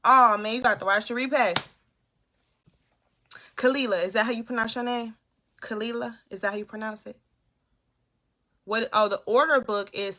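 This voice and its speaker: A bright-voiced young woman talks casually to her viewers in a live stream from her room at home. She chats easily and answers their comments as she goes, into a phone or webcam. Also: medium pitch. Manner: chatty, reads and answers comments aloud. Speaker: motivational livestream host.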